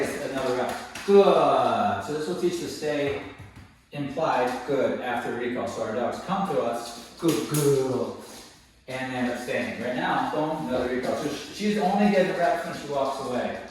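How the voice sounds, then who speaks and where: A male dog trainer talks through a session, explaining steadily, then lifting into high, sing-song praise for the dog. He sits well back from the mic in a very echoey space, with a faint hiss underneath. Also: distant mic. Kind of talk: hands-on training lesson.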